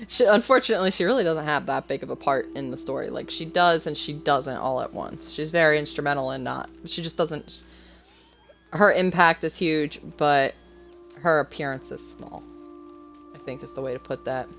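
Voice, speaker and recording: A woman's voice: low-pitched, moderate pace, creaky, fairly bright tone, faint music behind. A woman author chatting casually about her story while gaming, nervous and rambling with lots of fillers and restarts. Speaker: author and co-host.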